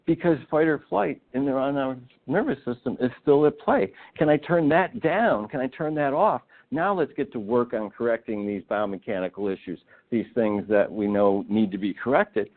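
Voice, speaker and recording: A man giving a continuing-education talk to physical therapists, emphatic and full of rhetorical questions. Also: mid-range voice. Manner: emphatic, rhetorical questions, acts out patient quotes. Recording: tinny phone-like webinar audio.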